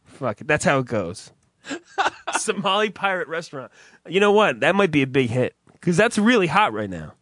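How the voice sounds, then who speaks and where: A man's voice: a little high, sing-song, moderate pace, a bit bright, no echo, studio quality. A young man co-hosting a podcast in loose casual chat, rambling, swearing and laughing often. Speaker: podcast co-host.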